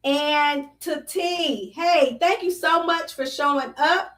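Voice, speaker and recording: A woman's voice: sits high, slow pace, a bit bright, distant mic. A woman hosting a live show, chatting casually and exuberantly greeting viewers by name, now and then breaking into song. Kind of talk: casual live-stream chat. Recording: roomy echo, voice somewhat off-mic.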